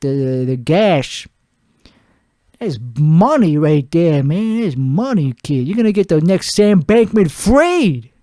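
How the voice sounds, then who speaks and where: A man's voice: high voice, darkish tone, no room sound, clean studio sound, full character voice. A man playing a crude, boastful podcast host who rambles and laughs at his own jokes. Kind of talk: improvised character comedy monologue.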